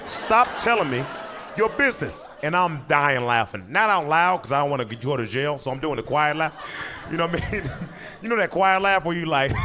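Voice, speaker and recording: Stand-up comic, male, lively pitch, jumps into character voices, faint room noise behind. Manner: animated, acts out characters in quick voices, breaks into laughter. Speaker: stand-up comedian. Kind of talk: stand-up storytelling.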